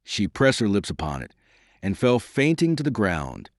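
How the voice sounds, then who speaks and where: A male audiobook narrator with a low voice and a lively, expressive delivery. His measured reading is recorded dry and close, with no room sound. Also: no echo. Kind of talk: scripted narration.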